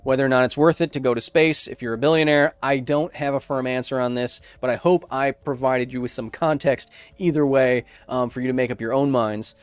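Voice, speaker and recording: Male streamer in his thirties, mid-pitched, animated, dry close sound, faint music behind. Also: brisk, few pauses, smooth, no room sound. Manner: animated, joking, rambling. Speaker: science YouTuber hosting a livestream Q&A. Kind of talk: casual livestream chat.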